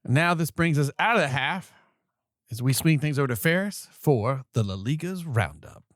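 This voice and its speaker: A man's voice: on the high side, lively intonation, normal speed, a bit bright, no room sound, studio quality. A man co-hosting a podcast in casual, playful chat. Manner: playful, joking. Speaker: podcast co-host.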